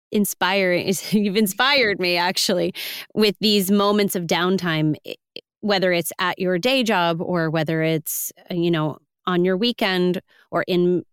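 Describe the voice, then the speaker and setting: A woman's voice: lowish voice, clear, resonant tone, dry recording, clean studio sound. A woman hosting an interview podcast, affirming and enthusiastic toward her guest. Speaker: podcast host. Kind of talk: conversational interview.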